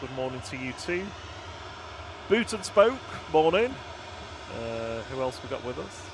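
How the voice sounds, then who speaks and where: A man's voice: mid-range voice, sing-song, measured pace. A man co-hosting a live stream outdoors, chatting casually and reading out viewer comments with easy laughs. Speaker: livestream co-host. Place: outdoors by an airport runway. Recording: outdoor noise, aircraft and traffic.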